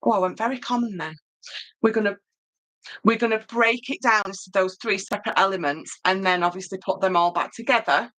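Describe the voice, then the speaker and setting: A woman's voice: medium pitch, brisk, a bit bright. A woman with a Yorkshire accent giving a chatty live-stream papercraft tutorial, answering viewer comments with lots of ums. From Yorkshire, England.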